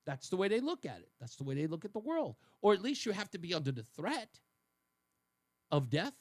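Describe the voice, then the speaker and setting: A man hosting a talk radio show, delivering an emphatic, argumentative opinion monologue that swings between loud and low. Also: wildly swooping pitch, a little fast, dry recording, studio quality.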